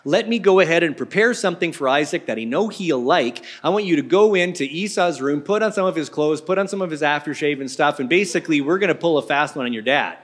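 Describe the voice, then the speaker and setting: A man's voice: on the high side, animated, quick pace, few pauses, a bit bright. A man doing a scheming, urgent mother. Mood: conspiratorial.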